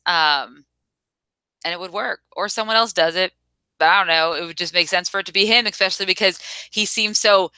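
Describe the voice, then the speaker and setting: Female co-host, casual chat, bright and smooth voice, dry mic. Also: medium pitch, no echo. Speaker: podcast co-host. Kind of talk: casual chat reviewing a TV episode.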